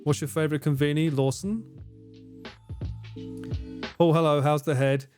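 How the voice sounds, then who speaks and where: A man's voice: fairly high pitch, steady tone, normal speed, a little mellow, faint music behind. A man in his forties with a British accent, casually reading and answering viewer comments on a livestream, swearing freely and laughing often. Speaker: livestream host. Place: room at home with air conditioning running.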